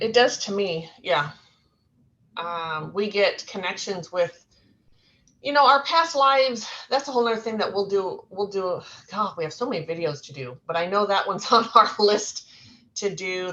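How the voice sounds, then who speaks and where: A woman psychic medium in casual spiritual talk, earnest and rambling with halting restarts. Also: fairly low pitch, fairly bright tone, highs cut off.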